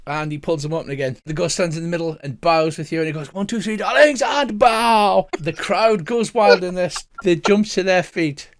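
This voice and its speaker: A man running a tabletop game as game master, in lively storytelling. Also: on the high side, fairly quick, hardly any pauses.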